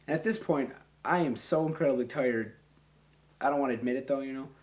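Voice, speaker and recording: A young man in his twenties telling a long, rambling, profane story in a casual, animated way. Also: mid-range voice, fairly quick.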